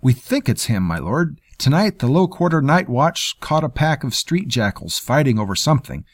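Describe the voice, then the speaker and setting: A man's voice: mid-range voice, sing-song, moderate pace, no room sound, clean studio sound, voice pushed up. A man voicing a common soldier sergeant who speaks with deferential urgency. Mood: urgent.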